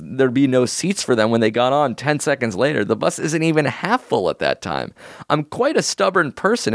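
A man co-hosting a comedy podcast, reading a listener's email aloud in a casual, lively way with laughing asides. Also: on the high side, dry recording, clean studio sound. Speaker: podcast co-host.

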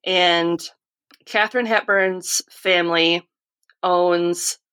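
A woman's voice: on the low side, steady tone, drawn-out words, fairly bright tone, clear, resonant tone. A woman hosting a podcast, telling a rambling story in casual chat. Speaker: podcast host.

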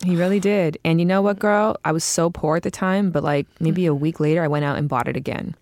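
A woman in her thirties telling a story in casual chat, animated, acting out quotes and laughing often. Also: deep voice, quick pace, dry recording. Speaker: guest.

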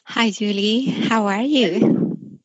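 Earnest, husky-voiced woman caller, forty. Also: mid-range voice, dry recording. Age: 40s. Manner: earnest, polite, halting. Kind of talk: call-in conversation. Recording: dull dry lo-fi line.

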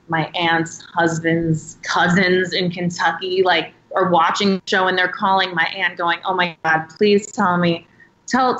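A woman's voice: fairly low pitch, fairly bright tone, echoey room, dull audio. A woman in her late thirties, a podcast guest telling stories in a chatty way and saying "like" a lot. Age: late 30s. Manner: chatty storyteller, heavy use of "like". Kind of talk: casual interview chat.

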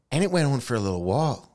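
Lively Australian man telling stories. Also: medium pitch. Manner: animated storyteller, colourful slang. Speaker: podcast host. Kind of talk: casual chat.

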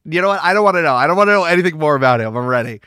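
A man from Texas trading quick jokes as a podcast co-host, his voice on the higher side and swinging widely. He laughs often and sounds close and dry. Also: animated, bright, forceful tone, no room sound. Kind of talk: casual podcast chat.

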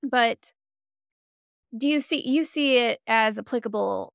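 A woman hosts a podcast, musing aloud and posing questions in an easy, conversational way. Her voice is smooth and resonant but has a gravelly fry at the edges, and it is recorded dry and close. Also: a little high, unhurried, fairly bright tone, no echo. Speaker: podcast host. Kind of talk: podcast interview.

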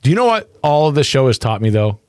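A man from New Hampshire co-hosting a podcast, joking around in excitable, fast casual banter. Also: medium pitch, clear, resonant tone, no echo, clean studio sound. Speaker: podcast co-host.

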